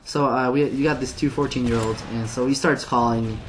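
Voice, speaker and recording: Brisk and mid-range with fairly even intonation, a man's voice comes through slight background noise. He commentates on a game while casually telling a long, meandering story packed with "like" fillers, now and then laughing at himself.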